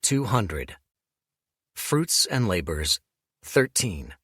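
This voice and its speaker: A man narrating an audiobook in an expressive, storytelling manner. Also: deep voice, very slow, slightly rough, no room sound, clean studio sound.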